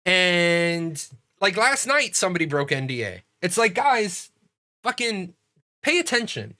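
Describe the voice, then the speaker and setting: Profane, rambling man on a bright, dry mic. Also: high voice, big pitch swings, measured pace, no room sound. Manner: profane, ranting storyteller; rambling with frequent restarts. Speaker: streamer hosting a game community show. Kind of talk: casual livestream chat.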